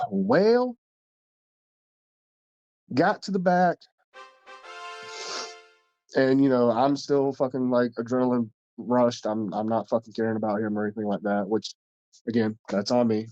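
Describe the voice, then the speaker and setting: A man tells a story on a podcast in a dark, mellow voice, blunt and swearing nonstop. The sound is dry, with little room echo. The audio is a little muffled and lo-fi. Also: mid-range voice, a little slow, long pauses, soft background music. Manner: blunt, heavy swearing, rambling. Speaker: podcast host and wrestler. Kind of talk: casual storytelling.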